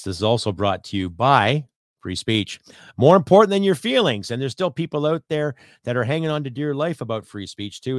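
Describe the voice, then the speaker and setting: A man's voice: mid-range voice, dry recording, clean studio sound. A man from Canada hosting his own solo podcast, ranting bluntly and profanely at his audience. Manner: blunt, profane, rambling rant. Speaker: podcast host.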